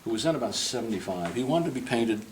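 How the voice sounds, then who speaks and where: In a club room with a group, an older man who paints portraits gives a tour and tells a long, funny, wandering anecdote, acting out the voices in it. His mid-range voice is animated and quick, set against a noisy background.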